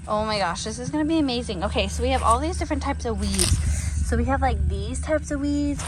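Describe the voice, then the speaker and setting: A woman, chatting casually and excitably with lots of ums while she does a backyard gardening how-to. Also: a little high. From Texas. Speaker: gardening vlogger. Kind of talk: casual outdoor how-to vlog. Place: outdoors in a backyard. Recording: outdoor noise behind the voice.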